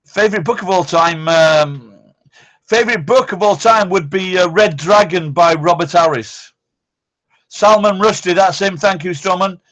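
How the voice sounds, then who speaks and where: A man's voice: high-pitched, unhurried, a bit bright, dull audio. A man, hosting a casual live-stream chat, rambling, blunt and swearing constantly. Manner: rambling, blunt and heavily profane.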